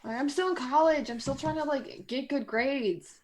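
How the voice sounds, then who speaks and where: A woman's voice: high voice, normal speed, a little mellow, lightly acted. A woman voicing a nervous young female college sprinter who rambles and says "like" a lot, in a tabletop role-play. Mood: anxious.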